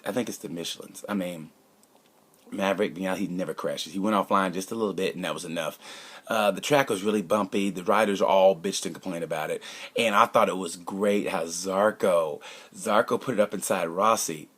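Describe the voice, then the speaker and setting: A man's voice: deep voice, a bit bright, breathy edge. A man giving a casual, opinionated race review. He rambles, cracks jokes and sometimes drops to a conspiratorial whisper. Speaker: motorcycle racing commentator.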